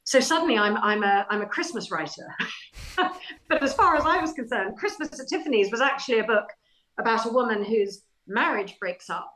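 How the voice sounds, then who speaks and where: A middle-aged woman, a guest author, telling animated anecdotes in a casual interview with self-deprecating humour. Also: medium pitch, poor audio.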